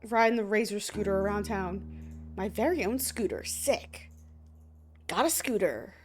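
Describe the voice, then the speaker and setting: A woman's voice: medium pitch, normal speed, slight background noise. A woman streaming a game playthrough, playful and joking as she reads the characters.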